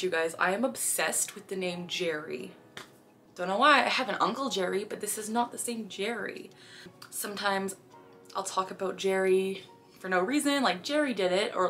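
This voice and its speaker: A woman's voice: medium pitch, fairly bright tone. A young woman from Canada talking casually to camera in a vlog, chatty, with sudden phrases blurted out between sentences. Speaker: vlogger.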